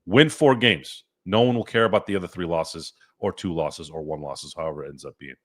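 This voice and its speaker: A man's voice: low voice, a little fast. A man hosting a live-stream sports chat, ranting and cursing in a fired-up way. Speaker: sports podcast host.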